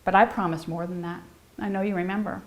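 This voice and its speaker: A woman's voice: on the low side, steady tone, quick pace. A middle-aged woman giving a playful piano lesson, bubbly and theatrical, chanting rhymes in a sing-song way and dropping into whispers. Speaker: piano teacher.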